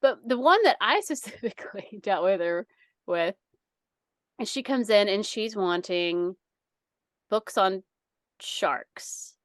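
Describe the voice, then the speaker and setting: A woman's voice: mid-range voice, lively intonation, slow pace, pauses often, a bit bright, no room sound, studio quality. A woman co-hosting a podcast, telling a long story in a casual, rambling way, laughing often and using many fillers. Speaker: podcast co-host.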